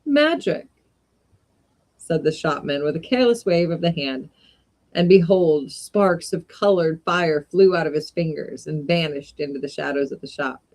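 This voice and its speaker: A woman reading a classic short story aloud in an unhurried way, with brief casual asides. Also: sits low, darkish tone. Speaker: reader of short stories.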